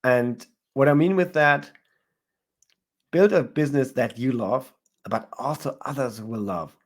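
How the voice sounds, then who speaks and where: Speaking at a measured pace in a mid-range voice, this male entrepreneur answers casual interview questions as a guest. His advice comes with frequent restarts as he hunts for the right words.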